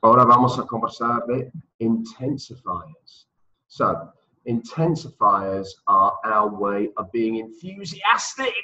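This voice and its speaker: A man's voice: lowish voice, a little slow, bright, forceful tone, echoey room, lo-fi sound. A man teaching an exam-prep English lesson, patiently drilling words for students to repeat.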